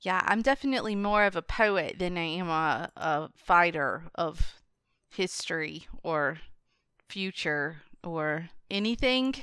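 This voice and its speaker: Player, female, smooth crisp voice, dry close sound, easygoing delivery. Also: on the low side, expressive, measured pace, pushed and bright, no room sound. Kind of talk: casual tabletop game play.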